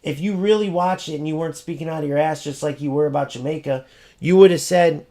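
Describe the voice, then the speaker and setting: Male gaming host, heated profane rant, slightly high, gravelly. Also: quick pace, warm tone. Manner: blunt, profane, repeats for emphasis.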